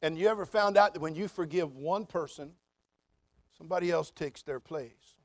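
A man in middle age preaches with a high-pitched, lively voice, folksy and full of mocking asides. The sound is close and dry, with no room around it. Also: moderate pace, dry recording. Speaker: pastor. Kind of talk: sermon.

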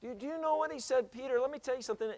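Male pastor, sermon, high voice, loud exhortation, hushed asides, church. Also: racing. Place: church sanctuary.

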